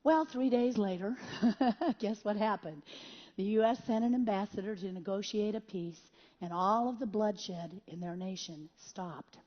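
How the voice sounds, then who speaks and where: A woman preacher telling a lively testimony story in a sermon, with bursts of sound effects and prayer. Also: mid-range voice, measured pace, muffled recording.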